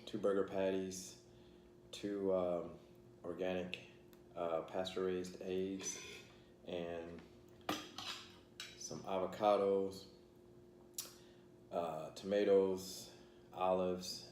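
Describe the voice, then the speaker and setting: A man's voice: low-pitched, fairly even intonation, slow pace, long pauses, mellow. A man hosting a casual vlog, rambling with many fillers while he eats his meal. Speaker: channel host. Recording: echoey room, faint background noise.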